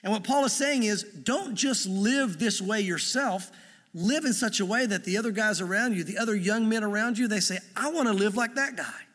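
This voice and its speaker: Man, middle-aged pastor, high-pitched voice, earnest conversational sermon, lingering hall reverb. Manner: earnest, conversational preaching with gentle humor.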